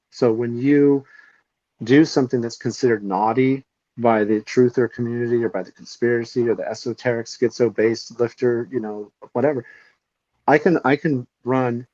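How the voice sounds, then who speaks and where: A man's voice: medium pitch, a little mellow, no echo, dull audio. A man co-hosting a podcast, ranting casually with heavy swearing and strong opinions. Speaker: podcast co-host.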